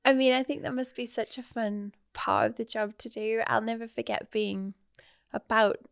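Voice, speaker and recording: Gravelly-voiced enthusiastic woman podcast host. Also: fairly high pitch, steady tone, moderate pace, no room sound, clean studio sound. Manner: enthusiastic and inquisitive, with frequent affirmations. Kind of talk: interview conversation.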